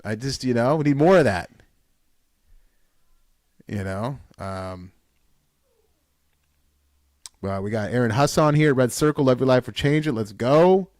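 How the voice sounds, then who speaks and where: A man hosts a podcast and delivers a rousing motivational talk. He hammers at his point with repeated phrases and sudden loud bursts. His voice sits at an ordinary pitch and sounds dry and close. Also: expressive, moderate pace, no room sound. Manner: fired-up, repetitive exhortations with loud bursts. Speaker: podcast host. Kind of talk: solo podcast pep talk.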